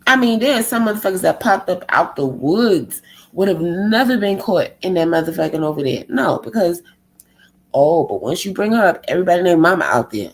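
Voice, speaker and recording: A woman's voice: on the low side, sing-song, a little fast. Profane, heated woman ranting on stream. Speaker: live-stream host.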